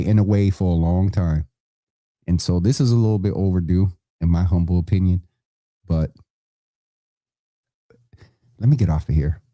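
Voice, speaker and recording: A man's voice: deep voice, warm tone, dry recording, studio quality. A man hosting a live online show, making casual announcements to viewers in a chatty, rambling way, correcting himself as he goes.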